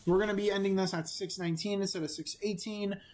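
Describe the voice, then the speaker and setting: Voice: mid-range voice, steady tone, fast, darkish tone, rough recording. A gaming video creator giving casual let's-play commentary, rambling and self-amused, with many fillers.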